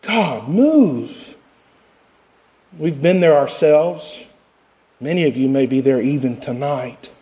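A man's voice: mid-range voice, a little slow, warm tone. A man preaching a sermon as pastor, his intensity swelling and dropping.

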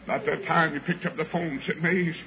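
A man's voice: fairly high pitch, fairly even intonation, fast. An older man preaching a sermon, telling a story in a folksy, dramatic way and acting out the voices of the people in it. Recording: muffled old sermon recording with hiss.

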